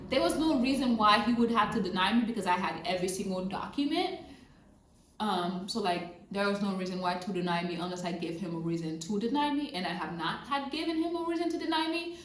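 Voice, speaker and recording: A woman telling a personal story in a casual vlog, animated, repeating phrases for emphasis, recorded near a road. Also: mid-range voice, a little fast. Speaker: vlogger. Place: near a road with passing cars. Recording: roomy sound with faint traffic noise. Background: passing traffic.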